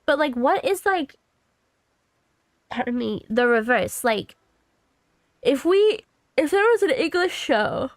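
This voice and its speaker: A woman in her thirties chatting through a game stream with a high, bright voice, close and dry to the mic. She rambles from thought to thought, talks to herself, and swears freely. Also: big pitch swings, takes it slowly, pauses often, dry recording. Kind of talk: casual gaming commentary.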